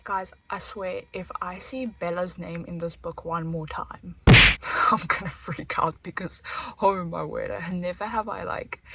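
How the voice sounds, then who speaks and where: A woman talking casually in a reading vlog at home, emotional, swinging between hushed whispers and excited outbursts. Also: mid-range voice, creaky, a little hiss or hum, poor audio. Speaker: book vlogger.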